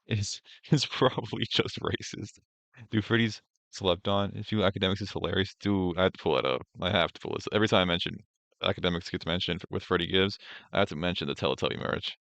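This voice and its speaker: A man's voice: low-pitched, fast talker, gravelly, a bit bright, dry recording. A man streaming, giving casual reaction commentary in a blunt, profane, ranting way with many restarts.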